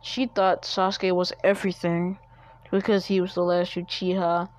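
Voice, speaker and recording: On a dull, lo-fi recording, a woman with a fairly low voice and flat delivery improvises a fan story at normal speed. She rambles casually, starting over and correcting herself as she goes.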